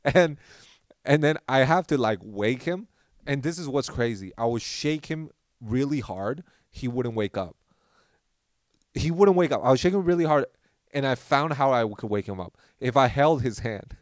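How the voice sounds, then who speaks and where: A man's voice: mid-range voice, moderate pace, dry recording. A young man in the middle of his voice range, chatting casually as a podcast host. He rambles through a story, restarts his sentences and slips into the voices of the people he quotes. The sound is close and dry, with no room around it. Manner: rambling, animated, acts out quotes.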